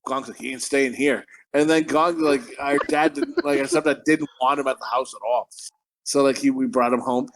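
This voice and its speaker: A man's voice: mid-range voice, little pitch movement, normal speed. A man co-hosting a podcast, telling rambling, profane stories in casual chat. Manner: rambling, profane storytelling with frequent laughs. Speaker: podcast co-host.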